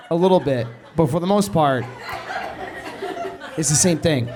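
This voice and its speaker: A man's voice: fairly high pitch, expressive, normal speed, crowd noise. A man telling a comic story in a rambling, self-interrupting way, laughing as he goes. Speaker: comedian telling a story on a podcast. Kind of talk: stand-up style comic storytelling.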